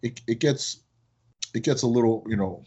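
A man who owns a business, chatting in a casual podcast and telling animated stories that act out his phone calls. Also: mid-range voice, normal speed, breathy edge, dull audio. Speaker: business owner, guest.

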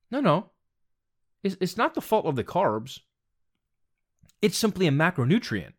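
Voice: mid-range voice, big pitch swings, measured pace, long pauses, husky. Blunt, exasperated ranting commentator. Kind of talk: opinion rant monologue.

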